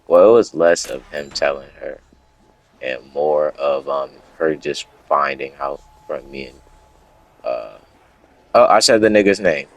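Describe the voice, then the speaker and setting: A man's voice: a bass voice, a little hiss or hum. A young man telling a story off the cuff to camera, rambling and profane, breaking off into asides and correcting himself. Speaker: storytime vlogger. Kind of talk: unscripted casual storytelling.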